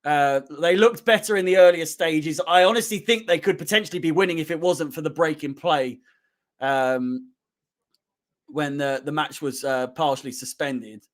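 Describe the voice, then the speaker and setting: A man hosting a fan watch-along, calmly breaking down the match between bursts of shouting and swearing at the players. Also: on the high side, normal speed. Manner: swings from calm analysis to shouting and swearing at players. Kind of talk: excitable fan match commentary.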